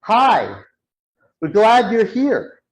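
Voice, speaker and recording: A man's voice: high-pitched, huge pitch swings, very slow, echoey room, pitched above the performer's own voice, exaggerated voice, low-quality recording. A man voicing a once-nervous woman student who now speaks eagerly to a group. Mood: cheerful.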